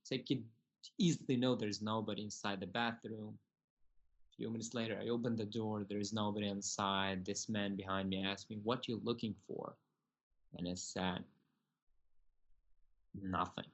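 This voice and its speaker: A young man from Syria, telling his personal story as a podcast guest in earnest, halting, broken English. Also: fairly low pitch, flat delivery, dull audio.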